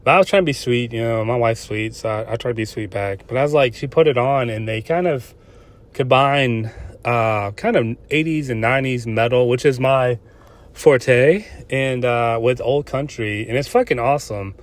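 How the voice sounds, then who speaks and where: A man's voice: mid-range voice, normal speed. Older guy ranting on his podcast, swears a lot, keeps restarting his sentences. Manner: profane, rambling, restarts often. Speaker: podcast host. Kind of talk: casual solo podcast rant.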